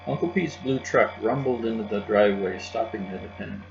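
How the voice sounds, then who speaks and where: Man, audiobook narrator, steady gentle reading, faint music behind. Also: on the low side, a little fast, vocal fry. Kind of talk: children's book read aloud. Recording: dull lo-fi with faint music and hum.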